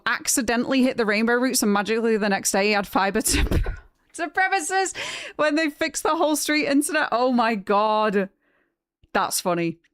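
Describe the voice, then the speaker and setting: A young woman streaming games, chatting casually with her viewers, frank and quick to laugh. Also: a little high, clear, resonant tone, no echo, clean studio sound. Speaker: game streamer. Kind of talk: casual chat with live chat.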